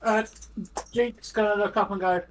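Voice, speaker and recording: A woman playing a tabletop game, describing her character in a relaxed, hesitant way. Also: medium pitch, moderate pace, a little hiss or hum, low-quality recording. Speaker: player. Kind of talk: tabletop role-play.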